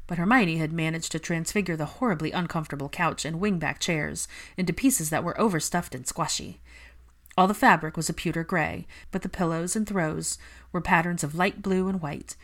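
A woman reading fan fiction aloud in a steady, calm narration. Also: low-pitched. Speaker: reader.

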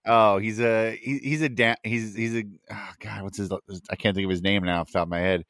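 Man, co-host, casual chat, low voice, laid-back, dry mic. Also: fairly even intonation, a little fast, fairly bright tone, no room sound. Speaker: podcast co-host.

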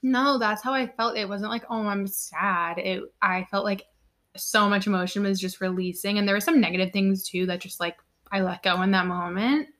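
A woman's voice: mid-range voice, steady tone, moderate pace, a bit bright. A woman in her twenties co-hosting a podcast, talking in an earnest, heartfelt, casual way. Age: 20s. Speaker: podcast co-host. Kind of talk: casual chat.

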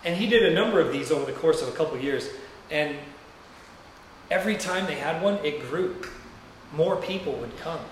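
A pastor delivers a sermon in a church sanctuary, telling a story in a loose, rambling, conversational way. His voice is fairly high with lively intonation and a slightly fast pace. The very echoey room is heard from a distance, with slight background noise.

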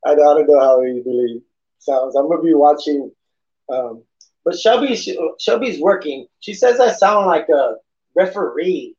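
Man, podcast host, lisp, rambling casual talk, fairly high voice, dull lo-fi audio. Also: normal speed, darkish tone. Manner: rambling, with frequent restarts and swearing.

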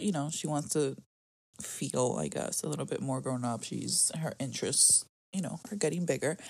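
A low, husky-voiced woman talks in a relaxed, rambling way as she co-hosts a podcast about motherhood. Her voice has a gravelly edge. It is recorded close and dry, with no room sound. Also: no echo. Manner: chatty, rambling, heavy on "like" and "you know". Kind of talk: casual chat.

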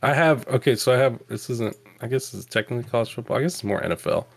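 A man's voice: medium pitch, fast talker, creaky, slightly rough, no room sound. A man from Georgia co-hosting a sports podcast, chatting casually with lots of fillers. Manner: animated, hesitant fillers. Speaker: podcast co-host.

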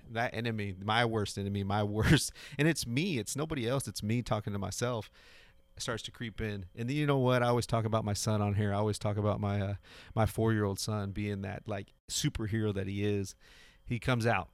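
Man, podcast host, earnest motivational talk, repeats and restarts, fairly low voice, dry recording. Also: steady tone, a little fast, no room sound. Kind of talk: casual motivational monologue. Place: home garage.

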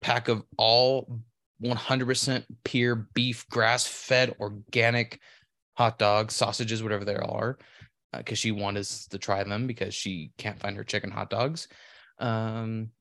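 A man's voice: lowish voice, level tone, a little slow, a bit bright, no echo. Rambling, profane man telling a story. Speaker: podcast co-host. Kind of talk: casual chat.

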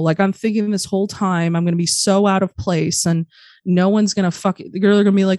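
A woman guest on a podcast, telling her story candidly in casual chat, swearing freely and speaking quickly. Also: mid-range voice, steady tone, a little mellow, dry recording, studio quality.

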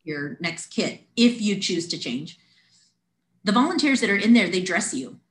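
Woman, animated storyteller, podcast guest, echoey room. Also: medium pitch, moderate pace. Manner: animated, acts out quoted voices. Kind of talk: casual storytelling. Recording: roomy echo.

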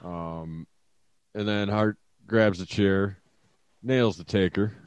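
A man's voice: lowish voice, slow pace, clean tone, no echo. A man casually chatting as a podcast co-host, laid-back and a bit hesitant. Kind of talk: casual chat.

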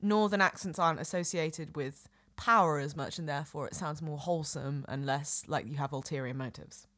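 A woman with a northern English accent co-hosts a podcast, chatting casually in a playful, teasing way and laughing readily. Her voice is low yet fairly bright in tone, and there's no room sound.

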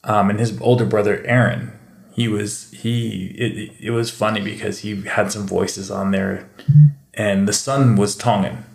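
A man chatting casually and telling animated stories, sometimes slipping into mimicked accents. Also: on the low side, a little slow, creaky. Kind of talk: casual chat. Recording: echoey room.

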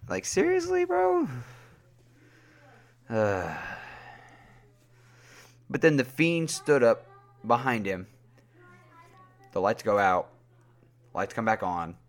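Low, slow-talking man reviewing wrestling. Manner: rambling, filler-heavy, gets worked up with high-pitched outbursts. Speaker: podcast host.

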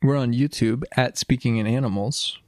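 Midwestern man, podcast co-host, playful joker, mid pitch, dry close recording. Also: moderate pace, a little mellow, no echo. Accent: Midwestern American. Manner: playful, slips into silly impressions. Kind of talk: casual chat.

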